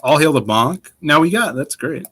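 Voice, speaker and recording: Upbeat male host reading the chat, bright voice with a lively pitch. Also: normal speed, husky. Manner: playful, upbeat, reads viewer messages. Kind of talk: casual livestream chat.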